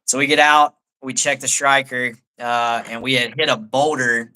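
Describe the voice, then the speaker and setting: An army staff sergeant, a guest on a live talk show, tells a story in a laid-back way. His medium-pitched voice is sharp and smooth, and he peppers his speech with "like."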